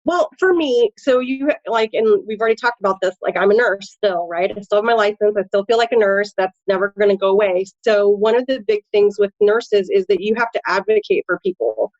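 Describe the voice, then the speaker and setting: A woman's voice: mid-range voice, fairly quick, hardly any pauses, no echo, lo-fi sound. A woman with a Midwestern American accent, a tattoo artist and nurse, talking casually in an interview with lots of fillers. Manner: chatty, animated, frequent fillers.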